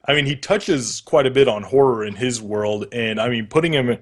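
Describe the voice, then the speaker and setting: A male guest who makes game videos, talking in a relaxed, easygoing way and laughing along during a casual interview over an internet call. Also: mid-range voice, normal speed.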